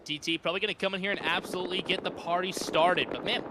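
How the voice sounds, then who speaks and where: A man calls a shooter match with high-pitched, slangy excitement. Steady game gunfire and ambience sit clearly under his play-by-play. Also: very fast. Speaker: esports caster. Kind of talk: play-by-play commentary. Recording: game gunfire noise behind.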